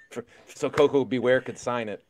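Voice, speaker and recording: A middle-aged man co-hosting a podcast, telling a story in casual chat, excitable and swearing freely as he re-enacts moments. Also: medium pitch, moderate pace, a little hiss or hum. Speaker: podcast co-host.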